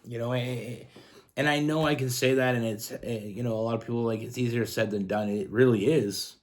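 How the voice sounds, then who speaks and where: A man's voice: mid-range voice, steady tone, a little fast. A man from Canada giving a casual tarot love reading, earnest and rambling with frequent restarts. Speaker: tarot reader.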